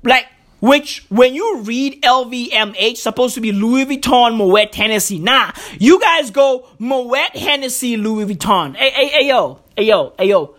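High, swooping voice of a profane woman ranting. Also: expressive, measured pace, fairly bright tone. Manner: profane, repetitive, rambling outbursts. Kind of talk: comedic rant.

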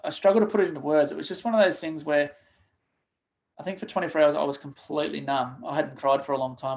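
A man in his thirties recounts a personal loss as a podcast guest. His voice is gravelly and a little higher than most men's. He speaks haltingly and emotionally, with many restarts and trailing pauses. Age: 30s. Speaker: guest, charity co-founder. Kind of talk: personal storytelling in a podcast interview.

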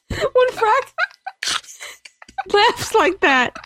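A woman's voice: a little high, fairly bright tone, slight background noise. A woman co-hosting a podcast and running a trivia game, giggly and teasing in casual chat.

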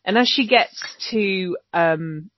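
A woman's voice: medium pitch, slow, no echo. A woman co-hosting a podcast, recapping a TV episode in casual, sweary chat full of ums. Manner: chatty, swearing, many ums. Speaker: podcast co-host. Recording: dull lo-fi dry recording.

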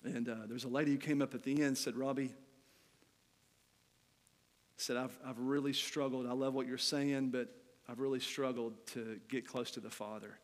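A middle-aged male preacher gives a sermon in a church hall, where his voice rings out with a long, lingering reverb. His pitch sits in an ordinary middle range. He tells a frank personal story, climbing to loud, animated stretches and then dropping to hushed, quiet ones. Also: normal speed.

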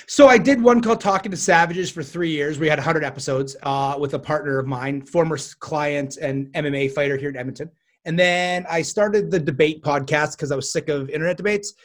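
High-voiced, animated man talking shop. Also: brisk. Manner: animated, talkative, swears casually. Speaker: guest, self-defense instructor. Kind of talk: casual podcast interview.

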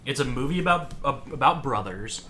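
Earnest young man, bright voice. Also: mid-range voice, expressive, moderate pace, a little hiss or hum. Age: 20s. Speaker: podcast co-host. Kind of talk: casual chat.

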